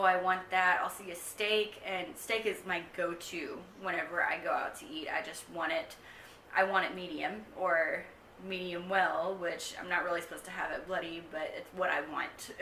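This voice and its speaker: A woman's voice: on the low side, pushed and bright, distant mic, a little hiss or hum. A young woman vlogging a casual pregnancy update to camera, chatty and rambling with lots of ums. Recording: echoey room, mic set back.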